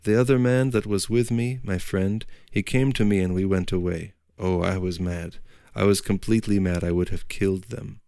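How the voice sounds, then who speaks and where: A man voicing a gentle young Italian emigrant man who speaks in simple, repetitive broken English. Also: deep voice, fairly even intonation, normal speed, gravelly, few pauses, clear, resonant tone, no echo, clean studio sound. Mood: agitated.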